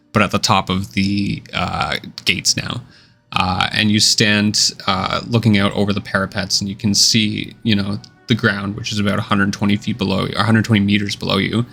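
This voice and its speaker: Male game master, low gravelly voice, easygoing scene-setter for a tabletop session. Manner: relaxed, descriptive, many uh and kinda fillers.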